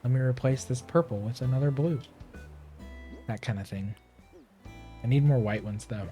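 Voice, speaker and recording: A young man streaming a game, chatting casually and rambling to himself, his voice a little hoarse and often clearing his throat. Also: mid-range voice, moderate pace, mellow, soft background music. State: slightly hoarse. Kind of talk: casual gameplay chat.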